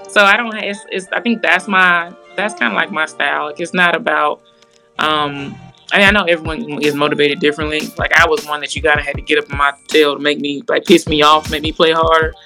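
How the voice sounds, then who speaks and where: A woman's voice: on the low side, fast, pushed and bright, soft background music, low-quality recording. A young woman guest, an assistant basketball coach, chatting in a laid-back way and acting out what her players say. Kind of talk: casual interview chat.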